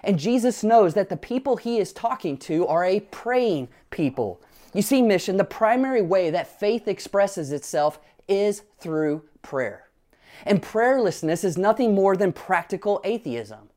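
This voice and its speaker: An earnest pastor preaches a sermon, peppering it with rhetorical questions and illustrating his points with stories about his own family. His voice is high, animated and dark in tone, and he takes an unhurried pace.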